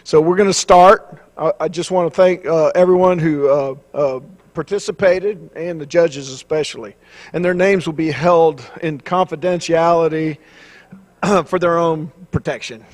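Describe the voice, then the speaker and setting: A man chairing a city council meeting, reading announcements and hesitating often with fillers and restarts. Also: on the high side. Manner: halting, many fillers and restarts.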